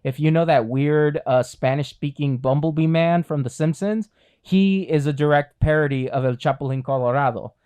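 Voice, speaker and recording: A man's voice: on the high side, moderate pace, darkish tone, clean tone. A man co-hosting a podcast, talking casually from the United States with a rambling, filler-heavy delivery. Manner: rambling, many fillers and restarts. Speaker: podcast co-host. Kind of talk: casual chat.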